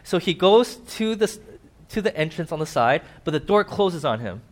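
A man giving a casual sermon with slides, animated, asking his listeners questions and acting out little voices. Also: a little high, moderate pace. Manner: animated, acts out voices, asks the audience questions. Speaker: preacher.

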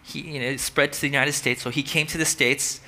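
A man preaching a sermon in a relaxed, conversational way, telling a story and lifting his voice when he quotes. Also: mid-range voice, a little fast. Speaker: pastor.

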